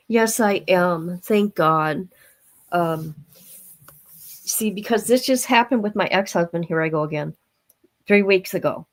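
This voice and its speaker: A woman's voice: medium pitch, takes it slowly, long pauses. A middle-aged woman hosting a livestream, talking in a rambling, blunt, chatty way to her viewers. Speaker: livestream host. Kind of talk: casual livestream chat.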